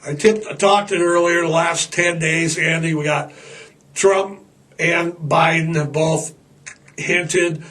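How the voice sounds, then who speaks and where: A man's voice: fairly high pitch, steady tone, takes it slowly, fairly bright tone. A man hosting a podcast in a rambling, irreverent comic monologue, profane and stammering over fillers. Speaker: podcast host.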